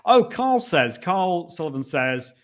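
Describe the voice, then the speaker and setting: A man hosting a live broadcast from a conference venue. His voice sits on the higher side for a man. He talks in a loose, chatty way, with restarts and asides while he reads out comments from viewers. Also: very animated, a little slow. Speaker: live video show host. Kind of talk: casual live-stream chat.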